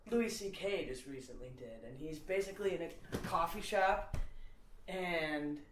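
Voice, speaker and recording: A woman's voice: on the low side, measured pace, noisy background. A woman comedian chatting casually, rambling and packing her talk with fillers. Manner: rambling, filler-heavy with lots of "like". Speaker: comedian co-host. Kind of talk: casual chat. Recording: echoey room.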